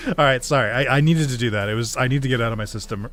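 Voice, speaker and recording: A man's voice: medium pitch, fairly bright tone. A man streaming a video game, chatting casually, laughing a lot, swearing and ranting about the story. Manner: giggly, laughs often, swears, rants at the story. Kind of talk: casual let's-play commentary.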